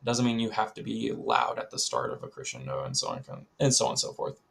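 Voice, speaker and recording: A young man teaching a recorded music lesson to children, chatty, talking straight to the students and filling pauses with lots of ums. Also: on the low side, very animated, vocal fry, fairly bright tone. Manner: chatty, addresses students directly, many ums.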